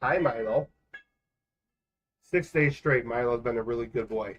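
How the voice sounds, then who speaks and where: With the high frequencies cut off, a medium-pitched man can be heard casually chatting through a home gaming livestream. He wanders from topic to topic and keeps the quick jokes coming.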